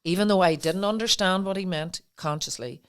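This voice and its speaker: A woman's voice: fairly low pitch, brisk, clean tone. Earnest middle-aged woman telling her story. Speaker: guest. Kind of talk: personal storytelling in a podcast interview.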